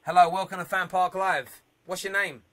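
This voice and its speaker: A man's voice: high-pitched, fairly even intonation, moderate pace, fairly bright tone. A young man hosting a live football phone-in, chatty and jokey, laughing often and reading viewer comments aloud. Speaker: phone-in show host.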